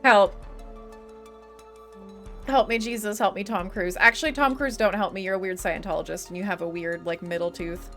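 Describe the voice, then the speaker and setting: A woman's voice: mid-range voice, fairly even intonation, moderate pace, long pauses, a bit bright, soft background music. A young woman streamer chatting casually with her live chat, swearing and laughing often, her voice starting to give out. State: losing her voice.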